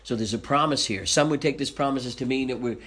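A man's voice: medium pitch, fast talker, a bit bright. A man leading a Bible study, reading scripture aloud and explaining it conversationally, with questions to his listeners. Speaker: Bible teacher.

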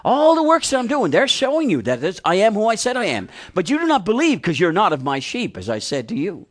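A man's voice: high voice, wildly swooping pitch, brisk. A man preaching a sermon, asking the congregation questions and repeating key phrases for emphasis. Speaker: pastor.

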